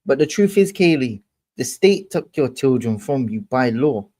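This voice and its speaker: Man, young, livestream host, angry profane rant, confrontational, middle pitch. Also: expressive, normal speed, mellow.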